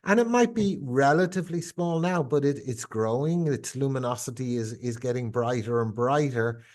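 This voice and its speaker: A man hosts a conversational interview, feeling his way through questions in searching, poetic phrases. He hesitates and repeats words as he thinks. His pitch is typical for a man. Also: normal speed, darkish tone. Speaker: podcast host.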